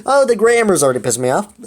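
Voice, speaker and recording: A young man doing a comedic fanfic reading, exasperated, swearing and laughing at the text. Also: high voice. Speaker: fanfic reader.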